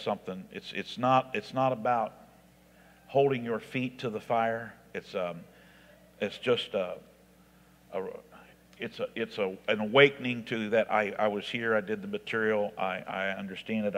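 A man, an assistant pastor, teaching a Bible class in an informal, halting way. He restarts his sentences often and grows louder and higher when he stresses scripture. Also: steady tone. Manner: halting, with frequent restarts and fillers. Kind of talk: informal classroom lecture on preaching. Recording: long reverb of a large hall.

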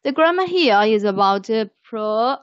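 A woman teaches English over a muffled online call, her voice slightly high and her pace unhurried. She showers students with praise and patiently guides their pronunciation. The sound is dry and close. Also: expressive, no room sound. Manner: lavish praise, slow and patient. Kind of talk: online language lesson.

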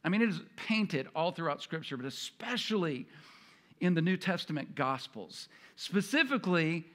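Bright-voiced man preaching conversationally. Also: on the high side, big pitch swings, normal speed. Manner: conversational, acts out prayers in quoted voices. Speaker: pastor. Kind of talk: sermon.

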